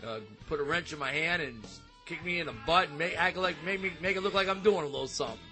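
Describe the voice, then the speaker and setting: A high, bright male voice belongs to a man hosting a loose, joking chat. He rambles and restarts often. His easygoing delivery stays casual throughout. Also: fast talker, faint music behind. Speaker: show host.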